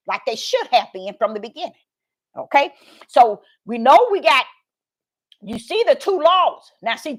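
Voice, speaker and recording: A high-voiced woman preaches over a livestream. She reads verses aloud and keeps asking her viewers to answer, in a call-and-response way. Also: fairly bright tone. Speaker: online preacher. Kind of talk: livestream Bible teaching.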